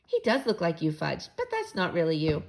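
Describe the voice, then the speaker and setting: A calm, amused mother, as a woman reading a storybook puts her on. Her speech is gentle and light, with a lively rise and fall. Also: on the low side, fairly quick, creaky, faint music behind, full character voice.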